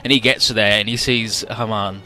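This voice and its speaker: A man chatting casually, retelling a story with animated energy, swearing and mimicking the characters. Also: on the low side, a little fast. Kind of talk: casual chat.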